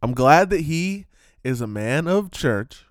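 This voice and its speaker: A man giving casual, animated commentary, swearing and jumping between topics with loud outbursts. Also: on the high side, slow, no echo, studio quality. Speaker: vlogger.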